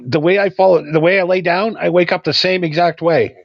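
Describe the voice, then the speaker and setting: A man's voice: high-pitched, fairly even intonation, fairly quick, no room sound. A man co-hosting a podcast in casual chat, laid-back and joking, swearing casually. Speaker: podcast co-host. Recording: dry, slightly dull recording.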